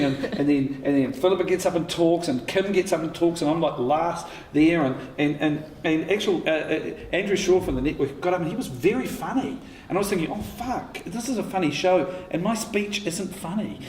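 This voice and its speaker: A man's voice: fairly high pitch, a little fast, few pauses, a little mellow. Man in his fifties telling stories with a laugh. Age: 50s. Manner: laughing, swearing, full of restarts. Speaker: writer and co-creator on a panel. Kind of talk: candid anecdotal panel talk. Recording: echoey hall with faint noise.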